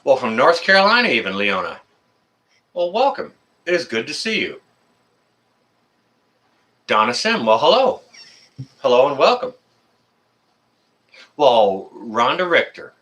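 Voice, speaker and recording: A man's voice: mid-range voice, sing-song, a little slow, long pauses, a bit bright. Chatty Canadian man greeting stream viewers. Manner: friendly, rambling with many fillers. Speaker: live stream host. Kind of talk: casual live stream chat greeting viewers.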